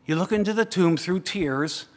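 A man preaching a sermon, moving between hushed, slow reflection and raised, urgent emphasis, repeating phrases in building lists. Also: high voice, in a large hall. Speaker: pastor.

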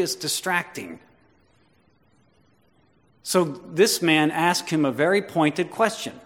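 A man's voice: a little high, expressive, slow pace, pauses often, a bit bright. A male pastor preaching a sermon, talking with the congregation and building to emphatic repeated declarations. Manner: conversational, questions the congregation. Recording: long hall reverb.

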